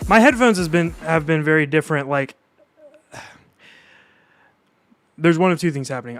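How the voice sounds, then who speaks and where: A man's voice: medium pitch, a bit bright, no echo. A young man streaming live, reacting to new music in a casual, enthusiastic way and chatting with his viewers.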